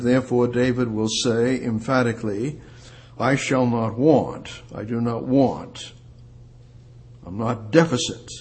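A man preaching a sermon, repeating words for emphasis and rising louder on the scripture he quotes. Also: medium pitch. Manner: emphatic, repetitive preaching with slow drawn-out phrases. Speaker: pastor.

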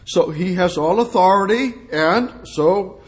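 Emphatic preacher man, slightly high voice. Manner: emphatic, rhetorical questions, swings between soft and exclamatory; reads scripture slowly and deliberately. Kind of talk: expository sermon.

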